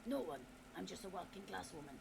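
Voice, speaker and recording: A gravelly working-class woman from a detective video game, put on by a male streamer, wary and curt. The voice sits high and grainy with a rough fry, and her short, clipped answers come out quickly. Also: lively intonation, full character voice. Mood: guarded.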